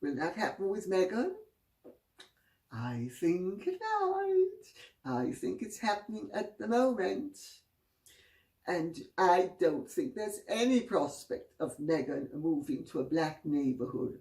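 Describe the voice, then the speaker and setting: On her own channel, a host with a lowish, mellow, sing-song voice spins anecdotes with gossipy wryness and long, drawn-out phrasing. Her casual storytelling commentary comes through a distant mic in a roomy space.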